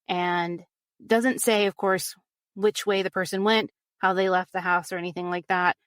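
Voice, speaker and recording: A woman telling a true crime case on a podcast in a casual, animated way, filled with "like" and "you know". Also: lowish voice, normal speed, no room sound, clean studio sound. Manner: animated retelling, frequent "like" and "you know", acts out quotes. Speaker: podcast guest recounting a case.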